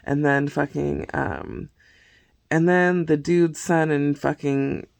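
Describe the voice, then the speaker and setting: Gravelly-voiced man ranting about movies. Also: a little high, steady tone, takes it slowly, no echo. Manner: heavy swearing, rambling retelling of plots. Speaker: vlogger reviewing movies. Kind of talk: casual rant.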